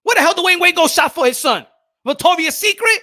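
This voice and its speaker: A young man hosts a boxing talk show in a loud, animated rant. His pitch leaps all over the place, and his voice is bright and sharp. He repeats his points over and over and drops from shouting into low muttering. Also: fairly quick. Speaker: boxing commentary host.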